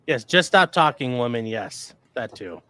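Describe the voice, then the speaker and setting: A man hosting a livestream, commenting in a casual, jokey way, talking to chat and breaking into mock voices and sudden yells. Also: medium pitch, very animated, measured pace. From grew up in a rural area. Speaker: livestream host reacting to a trial.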